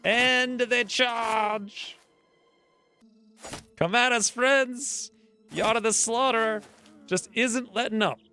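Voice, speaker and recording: A man streaming a strategy game, talking excitedly over the play and crying out when his fighters get hit. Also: very high voice, slow pace, pauses often, faint music behind. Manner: animated, yelps and cries out at hits. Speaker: gameplay streamer. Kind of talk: excited gameplay commentary.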